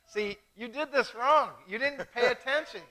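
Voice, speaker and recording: Bright, high-voiced chatty man host. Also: moderate pace, rough recording. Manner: chatty, self-mocking, animated storyteller. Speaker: host of a live wine tasting show. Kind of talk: casual live-stream chat.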